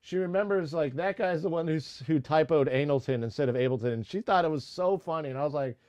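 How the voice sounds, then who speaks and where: A man's voice: on the high side, fast talker, darkish tone, no room sound. A man hosting a casual music-making live stream, rambling with lots of fillers and restarts. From United States.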